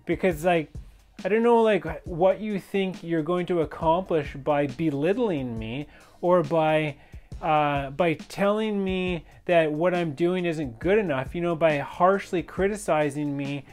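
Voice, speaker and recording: A man speaking with a slightly raised pitch, telling a personal story with steady intensity. He rambles and restarts often, filling gaps with "you know" and "like". Faint music plays softly behind him. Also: a little slow. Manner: intense and emphatic, rambling with many fillers and restarts. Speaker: fitness and yoga instructor sharing personal stories.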